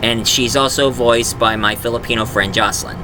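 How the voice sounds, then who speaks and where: A man's voice: medium pitch, steady tone, fairly quick, background noise. A man who makes audio dramas, talking in a casual, rambling way with frequent fillers and restarts. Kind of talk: casual vlog talk.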